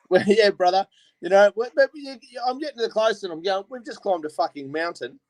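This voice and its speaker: A man's voice: high-pitched, expressive, brisk, darkish tone, dry recording, low-quality recording. Sweary, blunt Australian man. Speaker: host. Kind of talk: casual chat.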